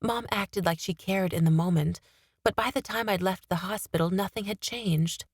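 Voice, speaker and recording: Woman reading a fantasy book aloud, first person, steady and expressive, dry close mic. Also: medium pitch, moderate pace, slightly rough, no room sound. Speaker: audiobook narrator. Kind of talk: first-person audiobook narration.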